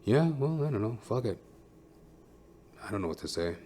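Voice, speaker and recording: A man's voice: mid-range voice, very animated, normal speed, mellow, slight background noise. A man who is a stand-up comedian, hosting his own podcast in a blunt, profane, rambling monologue.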